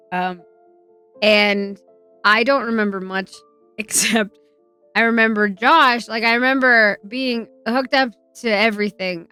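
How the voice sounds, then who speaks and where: A woman streamer telling a personal story in a chatty, emotional way, swearing freely and filling pauses with "um" and "like". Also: mid-range voice, bright, forceful tone, smooth. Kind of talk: casual livestream storytelling.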